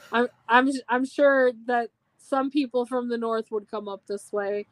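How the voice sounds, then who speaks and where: A woman from Minnesota chatting wryly as a podcast guest, laughing easily. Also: fairly high pitch. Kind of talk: casual podcast chat.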